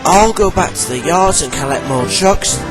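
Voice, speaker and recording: A man's voice: a little high, expressive, moderate pace, close to an everyday voice, low-quality recording. A man voicing an earnest, friendly young male tank engine in a storybook reading. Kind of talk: storybook narration. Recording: background music.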